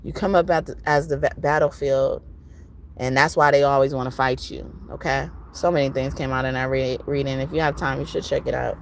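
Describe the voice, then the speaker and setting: A woman giving a casual spiritual reading message, chatting in a relaxed way and now and then breaking into song. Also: extremely low pitch, brisk, a little hiss or hum. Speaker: spiritual reader.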